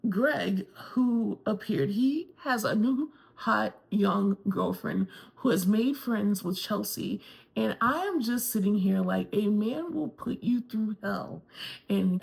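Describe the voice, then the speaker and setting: A woman's voice: mid-range voice, gravelly. A woman from Florida giving a candid, gossipy recap of a TV episode and swearing casually along the way. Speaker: TV review vlogger.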